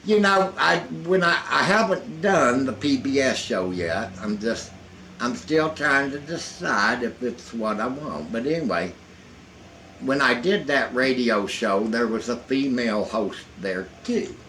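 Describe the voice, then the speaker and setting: A man's voice: medium pitch, expressive, unhurried, pushed and bright, a little hiss or hum, low-quality recording. An older man who tells folksy jokes and stories in a rambling way, sitting indoors. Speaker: storyteller. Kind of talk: casual folksy joke-telling. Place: indoors in a hot room.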